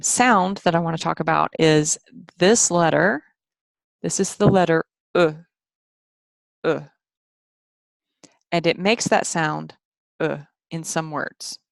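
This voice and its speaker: A woman's voice: deep voice, creaky, no room sound. A woman teaching French phonics in a patient screen-share lesson, repeating sounds so learners can follow along.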